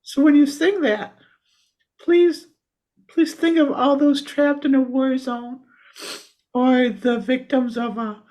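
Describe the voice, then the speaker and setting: A woman with a high voice talks earnestly about sending love and encouragement. She speaks gently in a relaxed, conversational way, often circling back and repeating a word before going on. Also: slow, long pauses. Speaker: energy healer. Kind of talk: heartfelt casual conversation.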